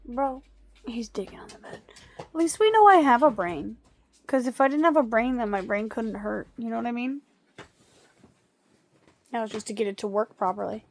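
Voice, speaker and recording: A woman vlogging at home while she has a migraine, talking softly and tiredly and cooing at her dogs. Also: on the high side, lively intonation, normal speed, vocal fry, pauses often. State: suffering a migraine. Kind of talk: casual vlog talk to camera and dogs. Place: at home indoors.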